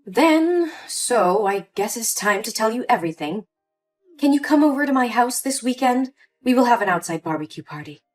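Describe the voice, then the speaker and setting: In scripted story voice acting, a woman plays a scheming, manipulative older mother who sounds sweet at first, then turns cold and dismissive. Her voice is a little high, very animated, a little mellow and at a moderate pace, with soft background music.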